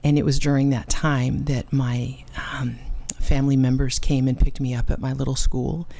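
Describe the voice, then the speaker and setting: Low-voiced woman giving earnest testimony. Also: little pitch movement, gravelly, dark tone. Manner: earnest, emotional storytelling with dramatic pauses. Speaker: ministry cofounder and conference speaker. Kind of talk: personal testimony.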